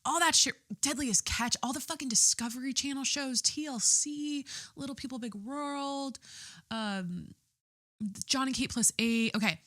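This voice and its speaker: A woman's voice: high voice, measured pace, sharp tone, no room sound, studio quality. A young woman hosting her own podcast, rambling and giggling through a casual monologue and swearing freely. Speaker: podcast host.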